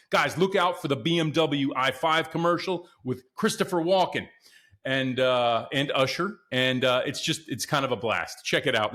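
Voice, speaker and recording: A man hosting a podcast, talking in a casual and excitable way and often calling out to his listeners as guys. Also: a little high. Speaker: podcast host. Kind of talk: casual solo commentary.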